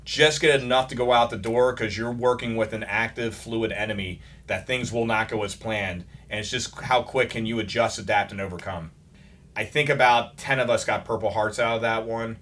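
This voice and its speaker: A man's voice: fairly low pitch, fairly even intonation, normal speed, fairly bright tone. A man in his thirties, a combat veteran from the United States, telling war stories in a plainspoken way with dry humor, acting out the dialogue. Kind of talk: interview storytelling.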